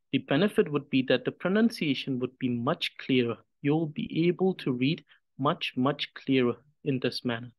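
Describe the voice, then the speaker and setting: A man teaching a reading lesson, patient and measured, demonstrating pronunciation slowly syllable by syllable. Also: medium pitch, no room sound. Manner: careful, measured, pauses after each syllable when demonstrating. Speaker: Tibetan language teacher.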